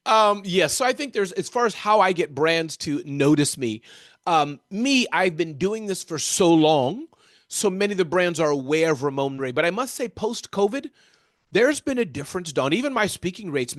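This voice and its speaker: High-voiced energetic American man. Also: dry recording, clean studio sound. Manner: energetic, animated, often addresses the interviewer by name. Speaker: keynote speaker and interview guest. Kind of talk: conversational interview answers.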